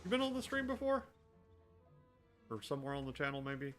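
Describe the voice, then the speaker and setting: A man's voice: mid-range voice, big pitch swings, brisk, a bit bright. A man streaming a game, chatting casually and self-deprecatingly with his viewers while he plays. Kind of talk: casual gameplay commentary. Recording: faint music in the background.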